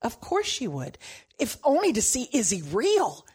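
A woman teaching a Bible passage in an animated storytelling way, with humorous asides. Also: a little high, unhurried, breathy edge.

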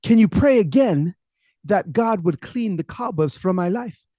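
Man putting on a high, slow, pleading voice for a crying old woman. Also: animated, warm tone, no room sound, studio quality. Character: frail, tearful very old churchwoman.

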